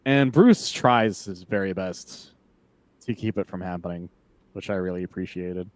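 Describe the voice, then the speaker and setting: A man talking casually on a podcast in a dry, close sound. He is animated and loose, swears freely and acts out bits of dialogue between laughs. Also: low-pitched, moderate pace, no room sound. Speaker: podcast co-host. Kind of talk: casual comic book discussion.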